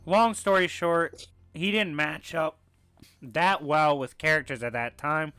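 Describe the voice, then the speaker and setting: A man narrating a scripted argument in a brisk, matter-of-fact way, his voice a little raspy today, with filler ums. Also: on the high side, pushed and bright, no echo. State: slightly raspy voice. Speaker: video essay narrator.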